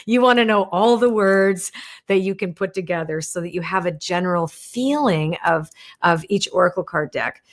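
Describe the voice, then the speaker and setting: This woman's voice is fairly low and moves at a normal speed. Hosting a live stream, she chats through viewer questions on oracle cards, explaining gently and leaning heavily on "right?" and "you wanna."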